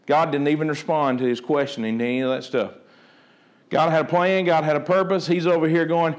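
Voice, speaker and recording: A male pastor preaching a sermon, acting out the dialogue of the story with a lively voice. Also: a little high, brisk. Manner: animated, acts out the dialogue of the story.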